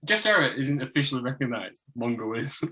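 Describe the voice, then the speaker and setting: Man, bright forceful voice, casual podcast chat, emphatic. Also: medium pitch, very animated, brisk, a little hiss or hum. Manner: reads notes aloud, laughs often, emphatic. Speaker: podcast co-host. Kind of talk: casual wrestling review chat.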